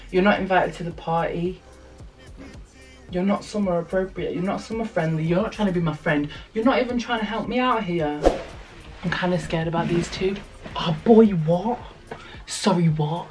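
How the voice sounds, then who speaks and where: A young British woman talks through a try-on haul in a candid, exclamatory way, calling the viewer "hun". Her voice sits a bit low for a woman. She is picked up from a few steps back in an indoor room, with faint music in the background. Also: darkish tone, distant mic. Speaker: vlogger. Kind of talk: casual try-on haul chat. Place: indoor room with a mirror and a stool.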